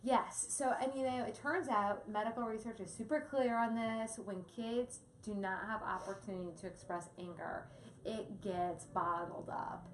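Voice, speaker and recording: A woman's voice: mid-range voice, fairly even intonation, moderate pace. A woman co-hosting a parenting talk, chatting casually, laughing often and explaining with examples. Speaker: co-host, parenting presenter. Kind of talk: casual educational chat. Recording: echoey room with faint ambient noise.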